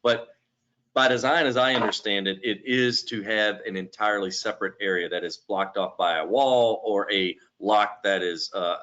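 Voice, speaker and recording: A man with a somewhat low voice walks through lending terms in a steady, explanatory webinar talk. The audio is dull and lo-fi. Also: normal speed. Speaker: lending company presenter. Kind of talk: webinar presentation.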